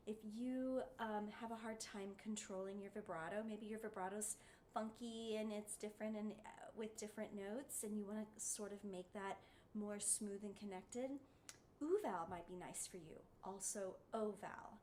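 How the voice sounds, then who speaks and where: A woman's voice: mid-range voice, steady tone, normal speed, a little mellow, slight background noise. A woman giving a singing lesson, encouraging her students and showing them the sounds with sung vowels. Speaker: voice teacher.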